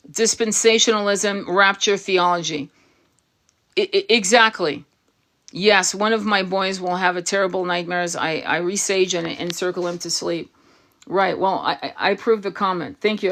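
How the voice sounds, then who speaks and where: A woman's voice: on the low side, fairly bright tone. A woman tarot reader and spiritual coach on a livestream, answering viewer comments bluntly, swearing often and firing off rhetorical questions.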